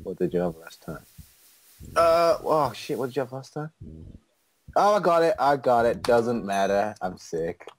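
A man's voice: mid-range voice, big pitch swings, moderate pace. A man chatting casually while playing an online drawing game, drawling and self-deprecating, laughing along. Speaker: co-host of gaming channel. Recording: faint background noise.

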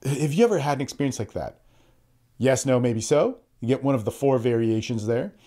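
Earnest male podcast coach, mid-pitched voice, tutorial delivery with acted-out example lines. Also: expressive, fairly quick, mellow. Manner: earnest, repeats words, shifts into quoted example speech. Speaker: podcast host and social skills coach.

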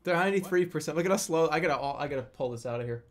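A man streaming a video game, commenting live, often yelling, laughing and repeating phrases over and over. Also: a little high, racing. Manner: excitable, yelling and laughing a lot.

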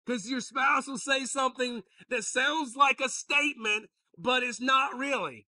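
A pastor preaching a sermon, joking with the congregation and calling out to them. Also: male voice, very high-pitched, a little slow, few pauses, no echo, far from the mic. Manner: joking, animated, calls out to the congregation.

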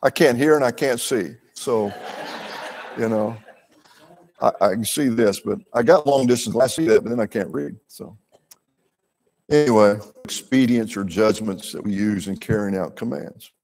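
Older male Bible teacher, lowish voice, earnest and folksy, chatty asides to the class. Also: moderate pace, darkish tone. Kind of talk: church Bible class lecture. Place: church classroom.

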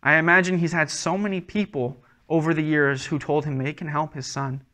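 A man's voice: fairly high pitch, steady tone, a little fast, sharp tone. A man preaching a sermon as a pastor, earnest and conversational, often restarting his words.

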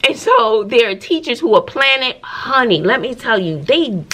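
A woman teacher with a Southern US accent, chatting in a casual vlog from her classroom, animated, with folksy asides. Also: fairly high pitch, normal speed, slight background noise. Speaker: teacher and vlogger. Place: classroom at school.

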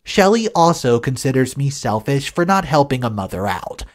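Animated storyteller reading a forum post. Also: mid-range voice, normal speed. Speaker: story narrator.

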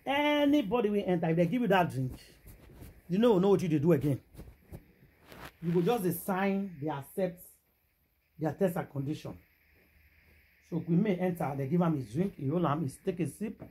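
Husky Nigerian woman telling gossip. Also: on the low side, normal speed, pauses often. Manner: animated, exclamatory, mixes Pidgin and English. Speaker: gossip vlogger. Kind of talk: casual gossip storytelling.

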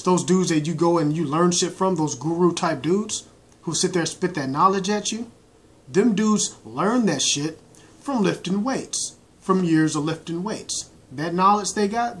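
Blunt, profane man ranting to a laptop. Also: fairly high pitch. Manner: blunt, slangy, heavy swearing. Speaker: bodybuilder vlogger. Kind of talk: casual profane rant to camera. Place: indoor room lit by laptop and corner lamp. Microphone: laptop webcam.

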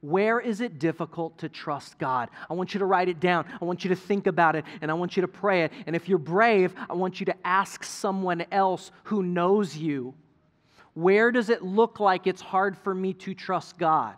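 A middle-aged male pastor preaching a sermon in a conversational, animated storytelling way, acting out quotes from people. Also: high-pitched, moderate pace.

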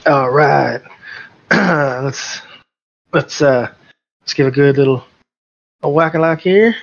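A man playing a character in a tabletop game, talking hesitantly with many pauses and restarts. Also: fairly high pitch, gravelly. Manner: hesitant, lots of uh and restarts, chuckling. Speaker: player. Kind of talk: casual tabletop game chat. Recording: dull lo-fi voice chat audio.

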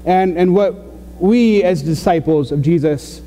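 A man's voice: high-pitched, a little slow, warm tone, big-room sound. A man preaching a sermon in a loose, conversational way, full of fillers and restarts. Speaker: pastor. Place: church sanctuary.

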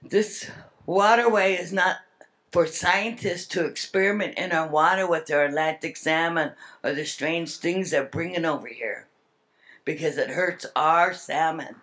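A woman's voice: sits low, unhurried, a bit bright. An older woman giving an earnest, heartfelt public speech at a summit. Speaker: speaker at a salmon summit.

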